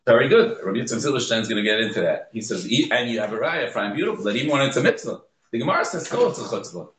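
Male teacher leading a Talmud class, animated delivery, recorded in a roomy space. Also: mid-range voice, racing, a little hiss or hum. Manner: lively, explains and acts out examples. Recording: echoey room.

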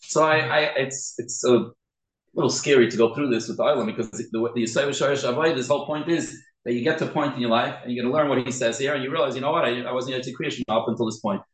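A man's voice: medium pitch, fast, reverberant, low-quality recording. A man teaching a Torah class to a group, earnest, often repeating and restarting his words as he stresses how to pronounce them.

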